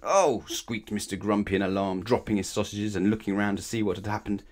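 A man's voice: fairly low pitch, level tone, fast talker, a little mellow. A man reading a children's bedtime story aloud expressively, often asking the listener questions. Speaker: storybook reader.

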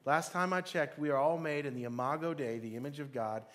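A man preaching a sermon, retelling a scripture story with animated delivery and calling on the congregation to repeat phrases after him. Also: fairly high pitch, a little fast. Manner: animated storytelling with audience call-and-response.

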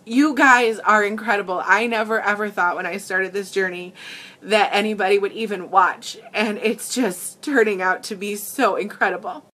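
A woman hosting a casual makeup livestream, gushing with excitement and tearful gratitude as she greets her viewers. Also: mid-range voice, moderate pace.

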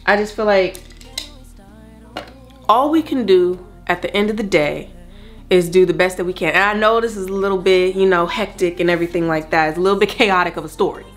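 A woman vlogger talks casually to her viewers while getting ready at home. Her voice sits on the low side, and her manner is chatty and wandering. Soft music plays faintly behind her. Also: a little fast. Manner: chatty and rambling, addresses viewers directly. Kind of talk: casual get-ready-with-me chat. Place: at home doing her makeup.

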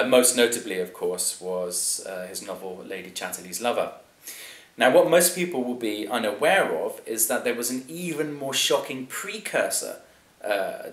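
A man giving a measured, lecturing introduction to a mock-scholarly comedy reading. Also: mid-range voice, a bit bright. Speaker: reader introducing an extract. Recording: roomy echo.

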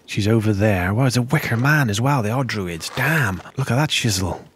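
A man talks his way through a video game in a low, relaxed voice, half muttering to himself. Every so often he jumps up into startled squeaks before dropping back to his easy running commentary. A faint hiss sits under the desk-mic sound. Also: moderate pace. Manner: chatty, muttering to himself, sudden high-pitched exclamations. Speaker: gameplay commentator. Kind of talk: let's play commentary.

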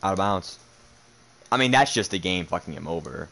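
A man's voice: deep voice, lively intonation, normal speed, creaky, a bit bright. A young man commentating his own football video game match, muttering, sarcastic and swearing in frustration. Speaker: gaming streamer.

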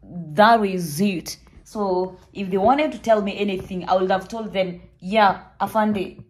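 A woman's voice: mid-range voice, measured pace. A young woman from Kenya with a Kenyan accent, telling a travel story to camera in a playful, joking, dramatic way. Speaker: travel vlogger.

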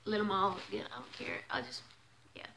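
A woman vlogging as she unboxes a clothing subscription box, chatting casually and gushing with excitement. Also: mid-range voice, a little fast, creaky, a little hiss or hum, low-quality recording.

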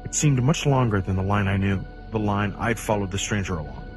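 Low-voiced man reading a horror story. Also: brisk, soft background music. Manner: intense, swings from hushed to near-shouting. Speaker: creepypasta narrator.

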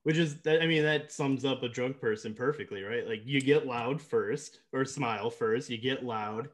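A man's voice: medium pitch, moderate pace. A man co-hosting a casual movie podcast, rambling with lots of fillers and laughing often. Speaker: podcast co-host.

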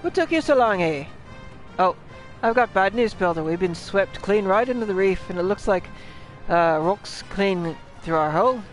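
Rowdy skeleton pirate, gruff sailor slang, pitched up, put-on British pirate accent, done by a man reading game lines. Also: lively intonation, normal speed, soft background music, poor audio. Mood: urgent. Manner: gruff, rough sailor slang, teasing threats. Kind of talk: reading game dialogue aloud in voices.

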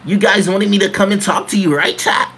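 A man's voice: sits high, fairly quick, sharp tone, slight background noise. A young man livestreaming in a joking emo persona, full of mock-teen slang and frequent laughter.

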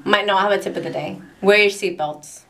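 A woman's voice: mid-range voice, fast talker, vocal fry, a bit bright. A young woman filming a casual family vlog at home at night, playful and teasing, laughing often. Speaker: vlogger.

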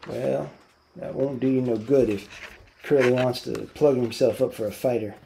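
A man reading aloud, voicing a worried, protective ranch hand who gives quick, urgent warnings. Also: medium pitch, fairly even intonation, gravelly, mellow, slight background noise, lightly acted.

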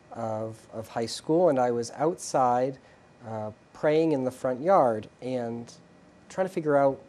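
Male priest guest, mellow warm tone, calm, measured answers. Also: mid-range voice. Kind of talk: interview answers.

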